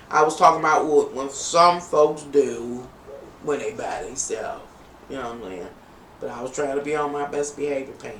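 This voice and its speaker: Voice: mid-range voice, fairly bright tone. A tarot reader giving a chatty, playful live-stream reading, with teasing asides to viewers. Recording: echoey room, distant from mic, faint noise.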